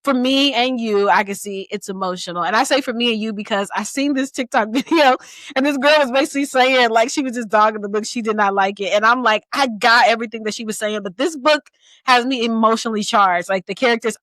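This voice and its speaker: Woman co-host, fairly high voice, dry close sound, lively casual book chat. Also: no echo. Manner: animated, acts out quotes, gasps and laughs. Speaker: podcast co-host.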